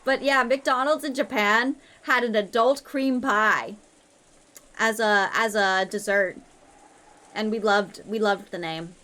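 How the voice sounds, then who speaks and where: A woman's voice: medium pitch, slow, sharp tone. A young woman streamer chatting casually, playful and crude, swearing a lot. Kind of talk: casual live-stream chat.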